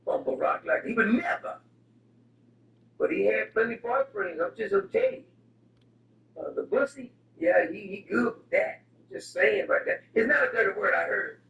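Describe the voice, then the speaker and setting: A man's voice: sits high, big pitch swings, normal speed, creaky, a bit bright, a little hiss or hum. A man delivering a comedic, rambling rant in a digressive, mock-serious way. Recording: roomy echo, distant mic, music behind.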